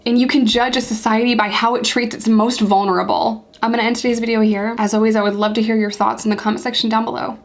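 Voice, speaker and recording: A woman's voice: a little high, level tone, fast, hardly any pauses. A young woman from the United States hosting her own vlog, speaking earnestly and with open outrage, repeating points for emphasis. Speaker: YouTube channel host. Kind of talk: impassioned commentary vlog.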